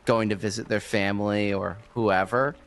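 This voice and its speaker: A man's voice: lowish voice, fairly even intonation, moderate pace, a bit bright. A man co-hosting a casual podcast chat, rambling and laughing often as he talks. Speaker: podcast co-host.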